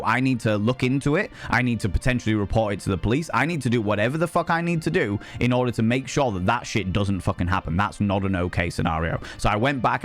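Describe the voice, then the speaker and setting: Sweary middle-aged man ranting. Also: fairly low pitch. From United Kingdom. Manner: heated, sweary, rambling with restarts. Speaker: livestreamer. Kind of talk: casual live-stream rant to chat.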